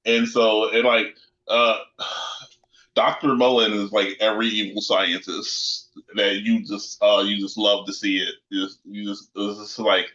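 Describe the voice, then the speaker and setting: A man's voice: on the low side, level tone, unhurried, sharp tone, reverberant, lo-fi sound. A man chatting casually about a tabletop game session, rambling and laughing often. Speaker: player. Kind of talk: casual post-session recap.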